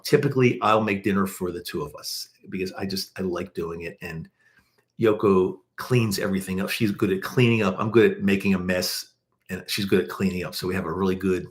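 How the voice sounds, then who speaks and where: A man with a Baltimore accent hosting a casual livestream, talking in a rambling, chatty way with many restarts and fillers. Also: low-pitched. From Baltimore, USA. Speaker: podcast host.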